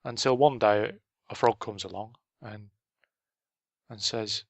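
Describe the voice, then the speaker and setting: Low gravelly man. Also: slow pace, no room sound, lo-fi sound. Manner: storytelling, dry punchlines. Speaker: podcast co-host. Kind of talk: casual business chat.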